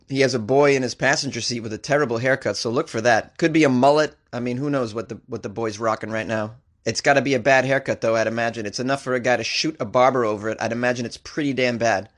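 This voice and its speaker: A man's voice: medium pitch, a bit bright. Man, comedian, podcast host, wry asides, reading odd news stories. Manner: wry, jokey asides between news items. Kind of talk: comic daily news podcast. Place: recording in Los Angeles.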